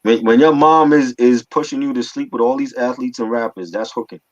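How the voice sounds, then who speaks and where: A man's voice: mid-range voice, fairly quick, no room sound, highs cut off. A man co-hosting a casual hip hop album review, slangy, joking and opinionated.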